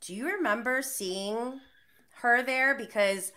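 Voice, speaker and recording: A woman's voice: on the high side, takes it slowly, sharp tone. A woman hosting a casual podcast chat, asking questions and chiming in eagerly. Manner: brief eager interjections. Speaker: podcast host.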